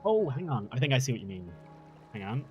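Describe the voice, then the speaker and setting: A young man with an Irish accent chats his way through a game stream, rambling from one thought to the next and swearing casually. His voice sits at a middling pitch but swings lively up and down as he talks, with faint music underneath. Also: a little fast, highs cut off. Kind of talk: casual live-stream chat while gaming.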